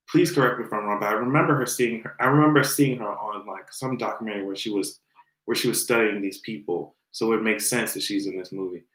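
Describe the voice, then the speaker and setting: A man's voice: medium pitch, roomy sound, rough recording. Exasperated man ranting on a livestream. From Jamaican heritage. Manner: animated, exasperated, slangy, laughs often. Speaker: livestream host. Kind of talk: casual commentary rant.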